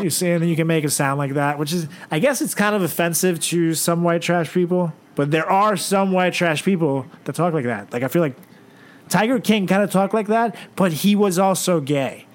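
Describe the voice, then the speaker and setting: A man's voice: on the high side, normal speed, faint music behind. A man co-hosting a casual podcast, joking and rambling, cursing freely and slipping into silly impressions. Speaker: podcast co-host. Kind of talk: casual chat.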